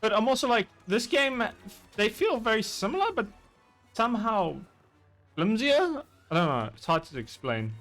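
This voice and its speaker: A man chatting casually while gaming, animated and swearing freely. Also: high voice, moderate pace, faint music behind. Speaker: streamer playing a game.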